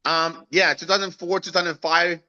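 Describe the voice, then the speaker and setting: A man's voice: normal speed, muffled recording. A man in his thirties from Guatemala, a guest telling his life story in an interview, acting out the people he quotes with a raised voice. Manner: animated, acts out quoted voices with raised pitch.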